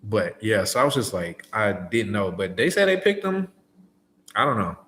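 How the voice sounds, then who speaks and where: A man's voice: fairly low pitch, very animated, moderate pace, a bit bright, slight background noise. A man in casual livestream chat, laid-back and slangy, answering viewers' questions as a delivery driver. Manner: laid-back, slangy, acts out phone calls.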